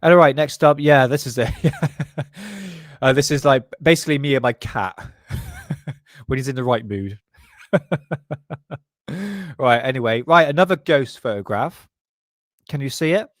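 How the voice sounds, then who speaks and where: Male vlog host, crude and jokey, mid-pitched, dry close mic. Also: measured pace, long pauses, dry recording. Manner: crude, joking, laughs often. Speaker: channel host. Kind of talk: casual commentary on paranormal photos.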